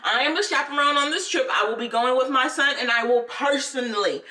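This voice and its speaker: A woman's voice: high voice, fairly quick, bright, forceful tone, distant mic. A woman voicing a protective mother who speaks firmly and leaves no room for argument. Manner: firm, no-nonsense. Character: firm, protective mother acting as chaperone.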